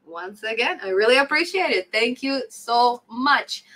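A woman's voice: on the high side, lively intonation, unhurried, a bit bright, low-quality recording. A woman in her thirties hosting a casual coding live stream, reading chat comments aloud, laughing often and repeating phrases for emphasis.

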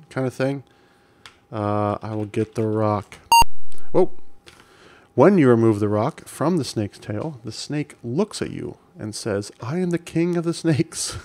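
Slow-talking man streaming a retro game. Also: lowish voice, a little mellow. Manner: amused, reads game text aloud, chuckles often. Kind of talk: casual gameplay commentary.

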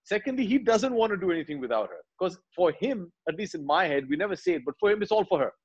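A man, animatedly retelling film scenes in an interview and quietly acting out the lines. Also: high voice, quick pace, breathy edge, lo-fi sound. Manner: animated storyteller, acts out dialogue lines quietly. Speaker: actor, interview guest.

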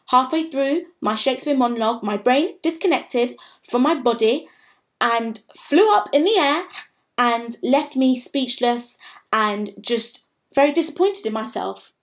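Young woman, candid halting vlog storytelling, emotional, slightly high-pitched voice. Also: expressive. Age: 20s. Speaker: vlogger.

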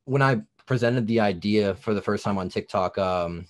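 A young man with a New Jersey accent, touched by a little Southern drawl, talks in a fairly low voice. He rambles as a podcast guest, stacking "like" and "you know" as he goes. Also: normal speed. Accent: New Jersey, with some Southern US. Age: 20s. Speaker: guest producer and TikTok creator. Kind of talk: casual podcast interview.

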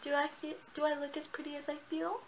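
A woman's voice: high voice, level tone, a little fast, slight background noise, pitched above the performer's own voice. A woman voicing a teasing, easygoing teenage boy hero from a book she is retelling. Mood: playful.

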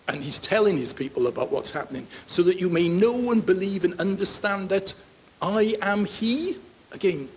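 A man pastor teaching a sermon, animated and joking with his congregation. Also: on the high side, vocal fry. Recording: faint hiss.

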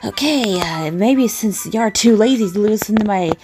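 A woman's voice: medium pitch, animated, normal speed, noisy background. A woman reacting to comments in casual commentary, blunt, indignant and profane. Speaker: video creator reacting to comments.

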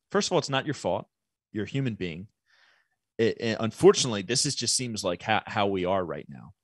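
Male podcast guest, reflective, animated pitch, dry close sound. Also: dry recording. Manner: thoughtful, explains with everyday analogies. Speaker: podcast guest, business owner. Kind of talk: reflective conversational interview.

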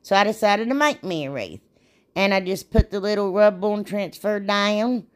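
A woman's voice: mid-range voice, lively intonation, normal speed. A woman, chatting casually and rambling a little as she narrates a DIY craft video. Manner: chatty, rambling, laughs at herself.

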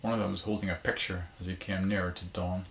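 A man reads his own short story aloud with measured, even pacing. His voice is low and gravelly with a creaky edge. The small cabin room lends a noticeable echo. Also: a little hiss or hum. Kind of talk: scripted story narration.

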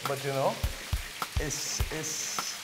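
A middle-aged woman, a guest cook who chats in a relaxed way and explains each step as she cooks in a studio kitchen. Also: rumbling low, drawn-out words, over loud music, poor audio. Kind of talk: casual cooking chat.

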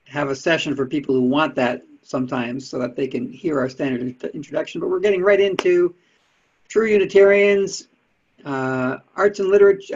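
Husky-voiced man giving a casual history talk. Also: on the high side, darkish tone. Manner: chatty, dry asides and small laughs. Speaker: presenter of talks on Unitarian history. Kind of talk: casual lecture with slides. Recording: dull lo-fi sound.

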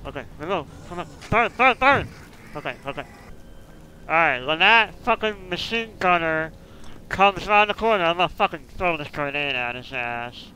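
A frustrated man commentating his gameplay, swearing constantly and swinging between muttered complaints and yelling outbursts. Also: on the high side, animated, moderate pace, slight background noise, low-quality recording. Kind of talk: raging let's-play commentary.

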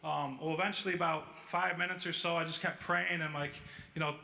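A man's voice: a little high, steady tone, a little fast, creaky, pushed and bright. A man preaching in a church, telling a story casually with many fillers. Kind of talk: sermon storytelling. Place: church hall. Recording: echoey church hall.

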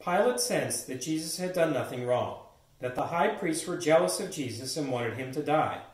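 A man's voice: fairly high pitch, animated, normal speed. A man reading a story aloud steadily as a narrator in a church pageant. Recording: echoey church, distant mic.

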